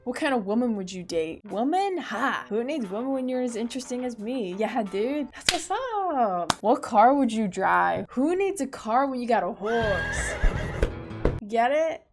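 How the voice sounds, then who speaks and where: A woman's voice: on the high side, lively intonation, moderate pace, music in the background. A young woman in her twenties, a vlogger, chatting casually and sarcastically as she reads quiz questions aloud and mocks them. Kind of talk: casual vlog commentary.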